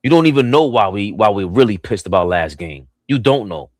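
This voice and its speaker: A man's voice: on the low side, expressive, a little fast, no room sound, studio quality. A man hosting a sports talk stream, ranting in a heated, profane way. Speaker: host.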